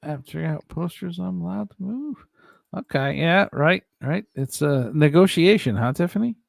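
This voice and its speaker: A man's voice: fairly high pitch, moderate pace, creaky, no echo, clean studio sound. A man hosting a casual show, reading out viewer comments and joking with his guests, laughing often. He is from Ohio. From Ohio, USA. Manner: jokey, laughs often, animated. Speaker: host.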